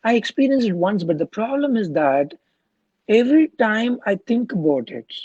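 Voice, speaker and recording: Earnest man with a mellow voice. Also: high voice, sing-song, normal speed, husky, no echo, muffled recording. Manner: earnest, peppers speech with "you know" and "right?". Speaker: clinical hypnotherapist guest. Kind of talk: explanatory interview talk.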